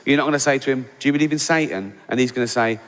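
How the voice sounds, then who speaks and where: A man's voice: very fast, heavy background noise. English male comic, sardonic, incredulous outbursts; theatre reverb, laughter. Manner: sardonic, mocking, bursts into high-pitched incredulous outbursts. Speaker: stand-up comedian. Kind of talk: stand-up comedy. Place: large theatre stage. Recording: big hall reverb with audience laughter.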